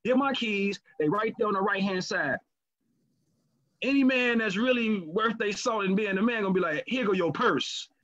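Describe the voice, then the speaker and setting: A man's voice: sits high, moderate pace. Candid, profane man, muffled lo-fi sound. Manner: candid, profane, animated storytelling. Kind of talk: casual chat. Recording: lo-fi muffled recording.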